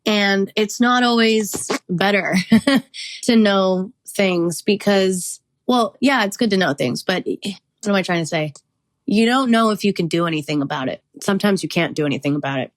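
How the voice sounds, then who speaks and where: A woman's voice: medium pitch, normal speed, no echo. A woman in her thirties, the host, talking through her own life in a candid, rambling monologue, full of "like" and small laughs. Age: 30s. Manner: rambling and confessional, frequent "like" fillers, laughs often. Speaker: podcast host.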